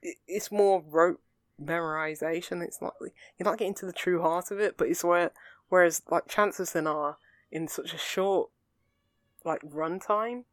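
A young adult chats on a podcast at a middling pitch. The talk rambles earnestly, looping through fillers and restarts. The sound is dry and close. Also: moderate pace, dry recording. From England. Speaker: podcast co-host. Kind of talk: casual chat.

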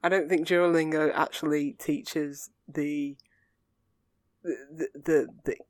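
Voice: medium pitch, flat delivery, slow, dry recording. A young adult, a podcast co-host in casual chat who rambles earnestly through fillers and restarts. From England.

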